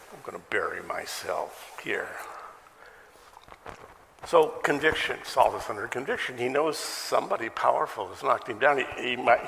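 A man's voice: lowish voice, gravelly, long reverb tail, background noise. A male pastor preaching a sermon in a conversational way, asking many questions and adding self-deprecating asides. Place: church sanctuary.

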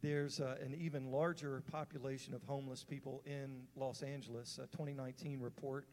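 A man's voice: medium pitch, flat delivery, a little fast, darkish tone. A man giving a sermon as a story, in an earnest, conversational way with fillers and restarts. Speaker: preacher. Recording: long hall reverb.

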